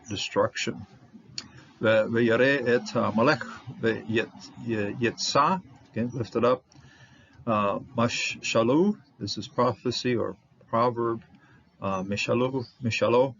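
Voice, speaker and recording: A man teaching a Bible word study, halting with many fillers as he sounds out Hebrew words. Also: lowish voice, creaky, fairly bright tone, muffled recording, slight background noise.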